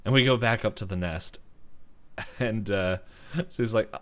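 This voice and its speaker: A man's voice: fairly low pitch, unhurried, fairly bright tone. A man hosting a podcast, casually recapping a cartoon episode in a rambling way with lots of fillers. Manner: rambling with many fillers and laughs. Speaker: podcast host.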